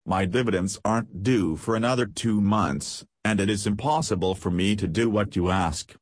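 A man reading the part of an agitated, proud young woman in debt, in an audiobook, with a husky, dry voice. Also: fairly low pitch, moderate pace, no echo, lightly acted. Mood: despairing. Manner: indignant, haughty when pressed.

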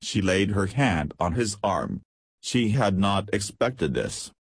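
A man narrates an audiobook from a script, his lowish, slightly rough voice measured and even in its storytelling. There's no room sound in the recording.

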